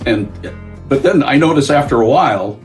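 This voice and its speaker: A man's voice: medium pitch, expressive, normal speed, close to an everyday voice. A man voicing an easygoing, dimension-hopping male storyteller telling a comic anecdote. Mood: amused. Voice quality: easygoing, chatty storyteller, playful. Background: faint guitar music.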